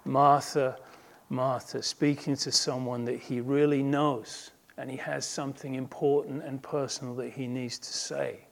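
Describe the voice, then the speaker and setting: A man's voice: mid-range voice, flat delivery, normal speed, creaky, hardly any pauses, a little mellow. A man preaching a sermon as a pastor, earnest and emphatic, building intensity through repeated phrases.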